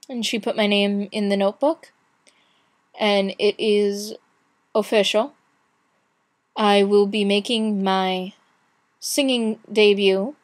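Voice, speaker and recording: A young woman chatting casually in a video blog, retelling her day with many restarts and acted-out quotes. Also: mid-range voice. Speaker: vlogger. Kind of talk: casual chat.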